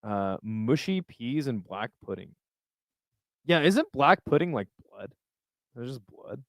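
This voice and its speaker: A man's voice: medium pitch, very animated, slow, no echo, studio quality. A man hosting a casual live chat, reading and reacting to viewer messages in a loose, laid-back way with plenty of swearing. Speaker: livestream host reading chat.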